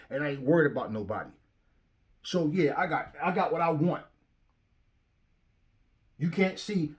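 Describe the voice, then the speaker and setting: A fairly high-voiced middle-aged man rants from his home about the fight game. He curses freely, jeers at his critics and doubles up his words when he gets heated. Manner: profane, combative, mocking commenters, repeats words when worked up. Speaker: boxing commentary channel host. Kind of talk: heated rant to camera.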